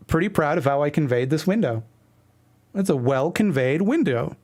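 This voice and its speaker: A man's voice: a little high, lively intonation, measured pace, darkish tone. A man streaming, reading his old webcomic aloud with wry, self-deprecating commentary. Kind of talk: casual commentary reading a comic.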